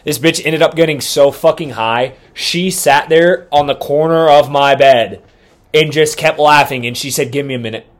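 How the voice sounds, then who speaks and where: A young man in casual podcast chat, boastful and crude, his voice jumping up when he gets excited. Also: fairly high pitch, unhurried. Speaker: podcast co-host.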